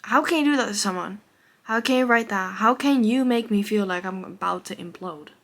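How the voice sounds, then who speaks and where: A young book vlogger talks casually about her reading in a mid-range voice at a fairly quick pace. She's expressive, swears freely, and swings between gushing and exasperation.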